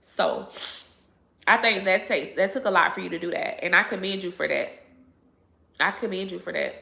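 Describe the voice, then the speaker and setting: Her voice fairly low, gravelly and sharp, this YouTube host in her thirties talks at normal speed to her viewers. She's blunt and preachy in casual chat, swearing freely and going over her points again and again, with the room sounding echoey.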